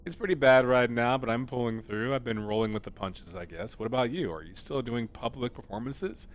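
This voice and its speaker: A man's voice: mid-range voice, a little fast. A man streaming a video game, chatting casually and joking in a rambling, playful way. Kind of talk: casual let's-play commentary.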